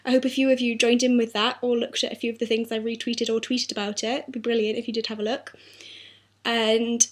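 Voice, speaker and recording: A woman's voice: on the high side, level tone, fairly quick. A young woman talking earnestly and apologetically in a personal video diary, her throat sore. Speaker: vlogger.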